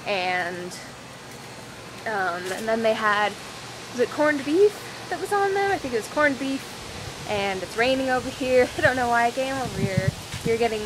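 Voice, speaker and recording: A young woman chatting casually in a scattered, rambling daily vlog, filmed outdoors on a windy, rainy walk. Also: mid-range voice. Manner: rambling, scattered, self-deprecating. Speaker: vlogger. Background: wind and outdoor ambience.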